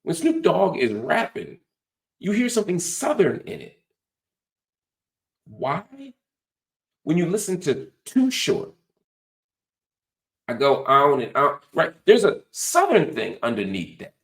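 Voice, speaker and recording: A man's voice: high-pitched, huge pitch swings, slow pace, gravelly, long pauses, roomy sound. A man hosting a show, giving an emphatic, lecturing political commentary monologue full of rhetorical questions and casual profanity. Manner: frequent "right?" tag questions; profanity-laced colloquial talk. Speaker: host.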